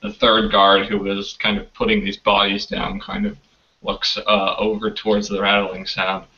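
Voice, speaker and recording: Low, bright-voiced game master far from the mic. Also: male voice, completely flat delivery. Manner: loose, halting narration with many fillers. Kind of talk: narrating a tabletop game. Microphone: video call. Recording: distant, dull lo-fi call audio.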